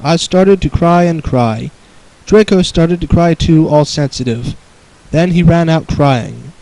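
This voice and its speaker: Young male host, dry comedic reader, mellow voice. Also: on the high side, unhurried, dry recording, poor audio. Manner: sarcastic, mocking asides. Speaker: host reading a fan story aloud. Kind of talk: comedic dramatic reading with commentary.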